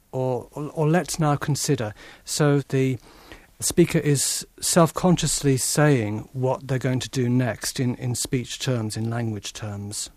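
A man's voice: mid-range voice, a little mellow, no room sound. A man explaining lecture structure in a thoughtful way, often rephrasing himself. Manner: thoughtful, self-correcting explanation. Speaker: lecturer on listening skills. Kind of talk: explanatory talk.

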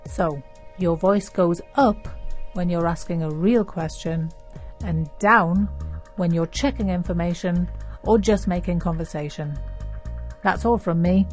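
A woman grammar expert gives a clear, measured scripted explanation. Her voice sits at a middle pitch. Faint music plays softly beneath her.

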